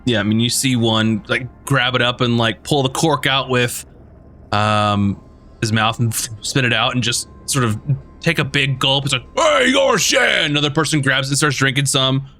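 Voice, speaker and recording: A man's voice: mid-range voice, little pitch movement, normal speed, sharp tone, soft background music. A man narrating a tabletop game as game master, rambling with lots of fillers.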